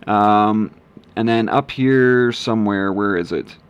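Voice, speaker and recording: A man's voice: fairly low pitch, slow, clear, resonant tone, highs cut off. A man casually walking through his email steps on screen, rambling with many ums and self-corrections. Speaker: online marketing vlogger. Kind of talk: casual screen-share walkthrough.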